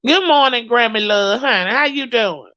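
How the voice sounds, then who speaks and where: A woman's voice: on the high side, moderate pace, no echo, highs cut off. Sassy, profane woman dishing gossip. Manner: sassy, profane, animated storytelling. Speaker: gossip vlogger. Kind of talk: casual commentary to viewers.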